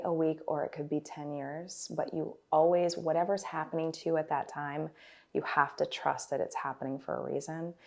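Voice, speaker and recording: With a deep, creaky, slightly mellow voice, this guest performer in her forties chats animatedly during an interview. She tells casual stories, often using fillers and restarting her sentences.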